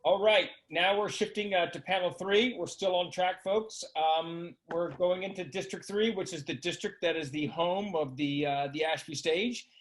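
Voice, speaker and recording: A man with a fairly high voice runs a virtual forum. He keeps things friendly and loose, with quick asides, over a video call. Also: poor audio. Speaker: forum moderator. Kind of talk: casual moderating.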